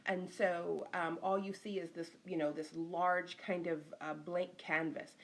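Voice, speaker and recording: A woman's voice: on the low side, level tone, a little slow. A middle-aged woman, an interior designer, giving a casual live-stream lesson, chatting and greeting viewers by name as she goes.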